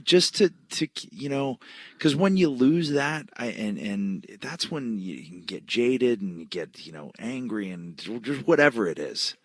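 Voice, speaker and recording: A man hosting an interview podcast, asking questions in a relaxed, chummy, teasing way. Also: mid-range voice, unhurried. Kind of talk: casual interview chat.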